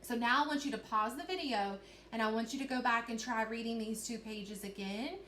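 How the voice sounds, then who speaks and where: A woman teacher with a slightly high voice talks children through a reading lesson. She explains each step patiently and keeps checking that they follow along. Her voice carries a roomy echo over a faint hiss. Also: brisk, fairly bright tone.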